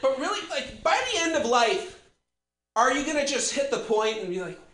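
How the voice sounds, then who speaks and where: Very high, bright-voiced young man joking. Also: expressive, moderate pace, a little hiss or hum. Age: 20s. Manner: rambling and profane, laughs at his own jokes. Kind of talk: rambling stand-up comedy monologue.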